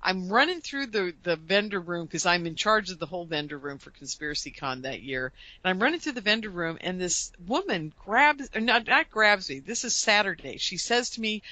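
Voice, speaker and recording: A woman's voice: on the low side, animated, moderate pace, few pauses, sharp tone, no echo, rough recording. A woman, a conference organizer, telling a story in a casual interview and stumbling over repeated words.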